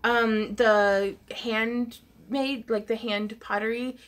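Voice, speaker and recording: A woman's voice: a little high, fairly even intonation, slow, fairly bright tone. A woman hosting a casual craft livestream, chatty and giggly, reading viewer comments aloud.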